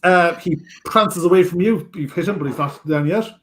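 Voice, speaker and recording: A man acting as game master in a casual tabletop game over a video call, giving quick rulings with frequent fillers. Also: sits high.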